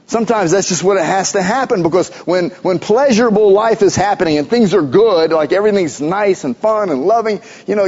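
A pastor giving a sermon in a conversational, playful preaching manner, recorded in a church sanctuary. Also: male voice, high voice, darkish tone. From United States. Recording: dull lo-fi church recording with long reverb.

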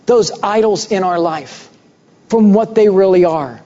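A man preaching a sermon, telling a personal story with animated voices for the people in it. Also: high-pitched, unhurried. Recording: muffled recording with long hall reverb.

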